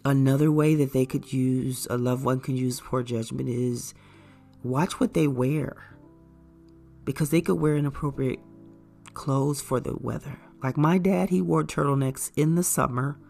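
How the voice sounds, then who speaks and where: A woman speaking in an earnest, measured way as she guides caregivers, her gravelly voice at a middle pitch. Faint music plays softly behind her. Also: fairly even intonation. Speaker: caregiver educator. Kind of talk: informative talk to camera.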